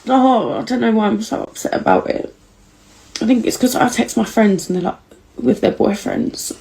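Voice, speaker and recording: A woman's voice: a little high, fairly quick, vocal fry, darkish tone, poor audio. A young British woman, tearful, confessing her loneliness to camera in a candid vlog, swearing freely.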